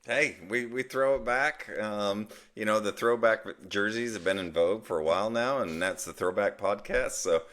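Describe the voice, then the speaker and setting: A man's voice: fairly low pitch, moderate pace, hardly any pauses, a bit bright. A man co-hosting a podcast, bantering in a playful, teasing way. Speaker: podcast co-host. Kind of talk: casual podcast chat.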